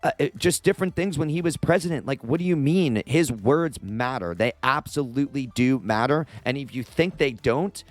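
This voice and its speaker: A man's voice: mid-range voice, expressive, moderate pace, few pauses, dry recording. Exasperated young man ranting casually. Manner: exasperated, rambling, heavy use of "like". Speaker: commentary channel host. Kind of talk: casual opinion commentary.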